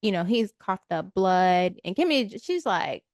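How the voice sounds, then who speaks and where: Lively woman podcast co-host, dry sound. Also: mid-range voice, gravelly, no echo. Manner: animated retelling, acts out characters' lines in quick asides. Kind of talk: casual recap of a TV episode.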